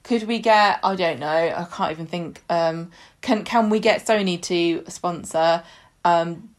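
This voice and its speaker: A woman's voice: on the low side, unhurried. A woman co-hosting a podcast, chatting casually, often restarting and searching for words. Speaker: podcast co-host. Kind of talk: casual chat about a TV soap.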